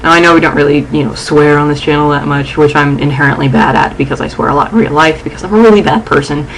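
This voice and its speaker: A young woman vlogging from her dorm room. She is shaken and angry, and her speech is halting and full of restarts. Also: low voice, slight background noise, rough recording. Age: young adult. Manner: agitated, halting, restarting sentences. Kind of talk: casual vlog.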